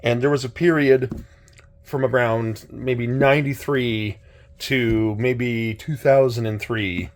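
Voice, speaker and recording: Rambling, slightly hoarse man unboxing games. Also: medium pitch, fairly even intonation, slow pace. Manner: rambling, hesitant, full of restarts. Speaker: channel host. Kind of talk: casual unboxing chat.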